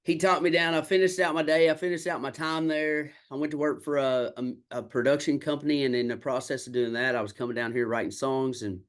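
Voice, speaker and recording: A man with a drawl, a country songwriter, spins stories about his road to music in a casual chat. His voice sits at an ordinary middle pitch, and he tells it in a candid, salty way, playing out each quoted exchange as he goes. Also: little pitch movement, fairly quick, few pauses. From Kentucky. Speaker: country singer and songwriter guest. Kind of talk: casual storytelling interview.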